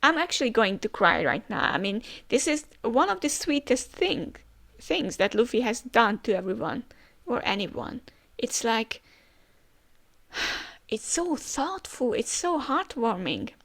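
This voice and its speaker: A woman in a casual reading session, chatty and openly emotional, her voice a little high with plenty of vocal fry. She talks loosely and breaks off to laugh. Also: sing-song, a little slow, a bit bright. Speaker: manga reader reacting.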